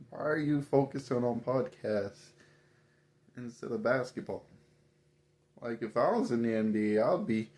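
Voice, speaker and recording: A man's voice: mid-range voice, a little mellow. Exasperated man ranting about sports. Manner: exasperated, emphatic, rhetorical questions. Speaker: commentator. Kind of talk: casual opinion rant.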